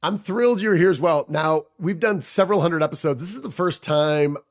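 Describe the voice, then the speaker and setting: Male podcast host, slightly high voice, punchy and playful delivery. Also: fairly quick. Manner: playful, emphatic, repeats for effect. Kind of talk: energetic podcast intro and interview.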